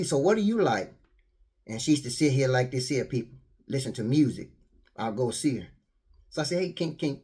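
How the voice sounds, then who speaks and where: Older man, high voice, lively repetitive sermon delivery. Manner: animated, acts out quotes, repeats words. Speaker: preacher. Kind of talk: street sermon, storytelling.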